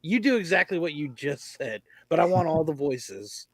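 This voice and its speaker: A man's voice: a little high, sing-song, moderate pace, dry recording. A man panelist, enthusiastic and teasing, in a casual chat.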